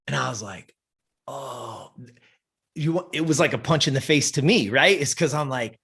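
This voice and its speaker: A man's voice: medium pitch, lively intonation, normal speed, a bit bright, slightly rough. A man giving a blunt, profane motivational talk as a podcast guest. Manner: blunt, intense, swears often.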